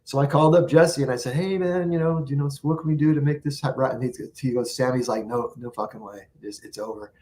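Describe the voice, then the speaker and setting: A man's voice: a little high, fast talker, hardly any pauses, warm tone, a little hiss or hum. A man as the guest on an interview show, telling long rambling anecdotes and acting out what people said. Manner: rambling anecdotes with acted-out quotes. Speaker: guest musician. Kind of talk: storytelling interview.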